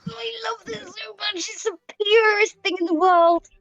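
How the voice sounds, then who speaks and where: A woman's voice: very high voice, steady tone, normal speed, a bit bright, dull audio, faint music behind. A woman playing a tabletop game, speaking in character with hesitant ums. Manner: hesitant, casual, many ums. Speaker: player.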